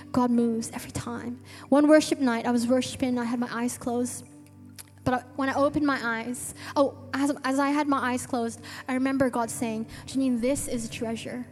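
A woman gives a sermon to her congregation in a church hall, her high-pitched voice a little mellow. She recounts an earnest story with eager restarts, while long reverb and faint music hang in the background.

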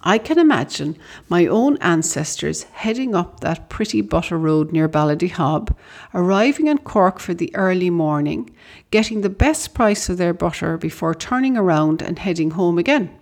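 A woman's voice: fairly low pitch, animated, moderate pace. A woman with an Irish accent, a podcast host, reading out a prepared letter with conversational storytelling asides. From Ireland.

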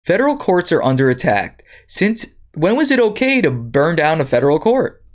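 Woman host, indignant and sarcastic, reads the news then rants, pitch jumps around a lot. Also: very animated, moderate pace. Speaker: podcast host. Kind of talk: reading news and commenting.

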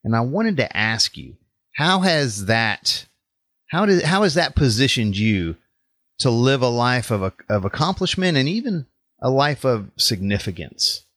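A man's voice: mid-range voice, big pitch swings, a little slow, a bit bright, no room sound, clean studio sound. A man with a Texas accent hosting a faith podcast interview, upbeat and welcoming. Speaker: podcast host and life coach.

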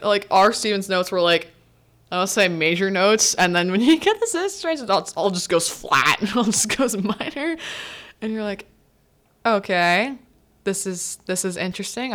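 In a mid-range, fairly bright voice, a young adult host of a student podcast chats casually about a film. She laughs as she recaps it and acts out the characters' lines.

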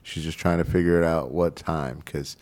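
A man's voice: very deep voice, fairly even intonation, normal speed, darkish tone. A man hosting a radio show, chatting casually with lots of fillers and laughs. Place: radio studio.

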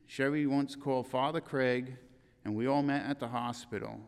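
An older man giving a eulogy in a church, reading in an earnest, halting way with restarts. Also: mid-range voice, fairly even intonation, smooth, in a large hall.

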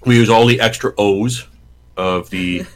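A man's voice: on the low side, steady tone, a little slow, low-quality recording. A man from Canada co-hosting a podcast in casual chat, joking, swearing and eating on mic. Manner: eats on mic, swears, jokey. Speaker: podcast co-host.

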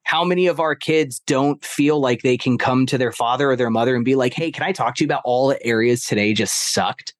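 Man, podcast guest. Casual storyteller who acts out quotes. Mid-pitched, dry close mic. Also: fairly quick, few pauses, no room sound. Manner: animated, acts out quotes of his stepson.

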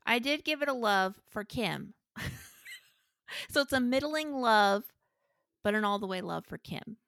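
A woman's voice: a little high, animated, measured pace, creaky, a bit bright, no echo, studio quality. A woman co-hosting a podcast, giving frank opinions in a casual chat and laughing between remarks. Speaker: podcast co-host. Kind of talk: casual movie review chat.

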